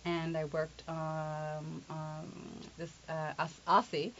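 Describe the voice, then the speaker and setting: Playful woman accent coach, low voice. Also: completely flat delivery, slow, a bit bright, slight background noise. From England. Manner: playful, demonstrative, teasing. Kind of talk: interview, explaining with spoken examples. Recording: dull lo-fi recording.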